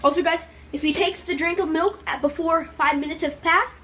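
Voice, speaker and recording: Bossy, high-voiced young woman filming. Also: steady tone, moderate pace, sharp tone, slight background noise. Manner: bossy, teasing, laughing. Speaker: co-host filming. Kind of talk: casual home video. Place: home kitchen.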